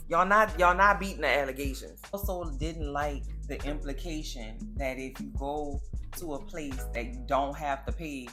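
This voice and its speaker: A woman's voice: sits low, moderate pace, music in the background. A woman giving a casual TV episode recap in sassy, blunt commentary full of slang. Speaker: TV recap vlogger.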